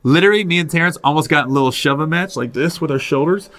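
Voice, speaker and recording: A man hosting a podcast, telling animated stories in casual chat and breaking into high laughing impressions. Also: racing. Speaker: podcast host, comedian.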